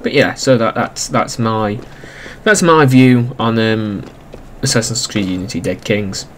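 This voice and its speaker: A man's voice: fairly low pitch, measured pace, fairly bright tone, slight background noise. A young man giving casual, sarcastic commentary while playing a video game, ranting about its flaws. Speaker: gaming YouTuber.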